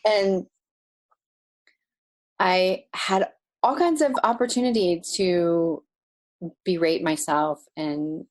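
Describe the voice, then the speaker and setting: A woman guest telling a personal story in a podcast interview, animated and emotional, laughing now and then. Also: on the low side, slow pace, long pauses.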